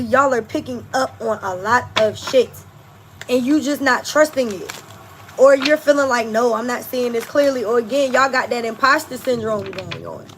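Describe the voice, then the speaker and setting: A woman's voice: fairly high pitch, a bit bright, slight background noise, low-quality recording. A woman giving a collective tarot reading, speaking bluntly and emphatically to her viewers, swearing freely. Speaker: tarot reader.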